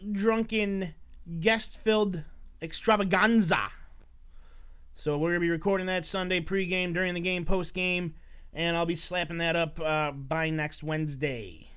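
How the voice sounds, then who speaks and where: A man's voice: high-pitched, a bit bright, clear, resonant tone. A man hosting a casual solo podcast, rambling and swearing while he teases his listeners. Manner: rambling, profane, mock-scolding his listeners. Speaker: podcast host. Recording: dull lo-fi recording.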